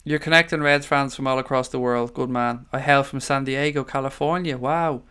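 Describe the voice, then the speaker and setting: A man's voice: mid-range voice, steady tone, normal speed, bright, forceful tone, smooth. An Irish man hosting a casual live stream, reading out viewer comments and greeting people as mate and buddy. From Ireland. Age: adult father of young children.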